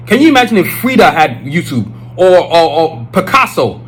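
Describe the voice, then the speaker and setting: A man's voice: high-pitched, big pitch swings, moderate pace, few pauses, a bit bright, a little hiss or hum, poor audio. A male podcast host giving an emphatic, preachy casual monologue, full of filler phrases.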